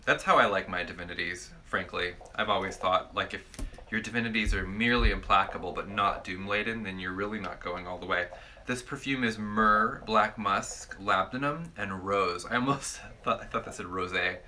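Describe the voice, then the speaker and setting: A man's voice: lowish voice, moderate pace, sharp tone, a little hiss or hum. A man casually chatting as a perfume reviewer, playful and rambling, full of jokey descriptions. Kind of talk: casual chat.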